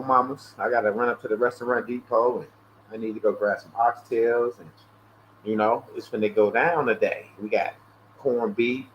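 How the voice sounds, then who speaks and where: A man hosting a casual livestream, ranting in an animated, profane way and acting out both sides of phone calls. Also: mid-range voice. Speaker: livestream host. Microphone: earpiece or headset. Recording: dull lo-fi stream audio with faint hiss.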